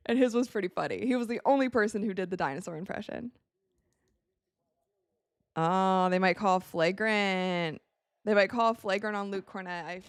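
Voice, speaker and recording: A young woman from Wisconsin hosting a live game watch party, chatting casually and reacting excitedly to plays as she talks. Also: on the low side, clear, resonant tone, no echo, studio quality. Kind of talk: live casual commentary to chat.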